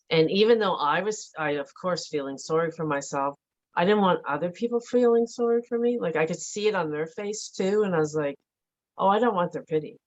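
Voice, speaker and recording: A middle-aged woman giving a halting, emotional personal account as an interview guest, with many fillers and restarts. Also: low-pitched, muffled recording. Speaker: interview guest, bereaved mother.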